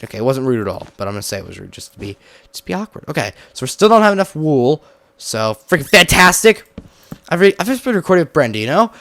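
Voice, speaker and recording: A man's voice: medium pitch, big pitch swings, fairly quick, a bit bright. A man chatting casually while playing a building game, rambling and filling his talk with "like". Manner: rambling, chatty, heavy use of "like". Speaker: gaming video host. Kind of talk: casual gameplay commentary.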